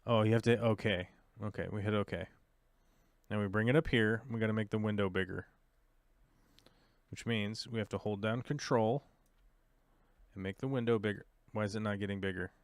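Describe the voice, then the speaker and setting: Man, podcast host, casual chat, frustrated muttering, smooth clear voice, dry close mic. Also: fairly low pitch, fairly even intonation, moderate pace, pauses often, dry recording. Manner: frustrated, mutters to himself while fiddling with software.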